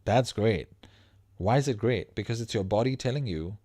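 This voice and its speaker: A man hosting a casual livestream as a life coach, talking in a profane, animated way that breaks into laughs mid-sentence. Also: fairly low pitch, moderate pace, dry recording, clean studio sound.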